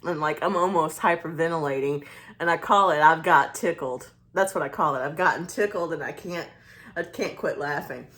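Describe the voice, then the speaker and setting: A woman's voice: low-pitched, normal speed, fairly bright tone. A woman in her forties with a Southern US accent, telling a casual confiding story with a rambling delivery and many restarts. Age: 40s. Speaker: vlogger.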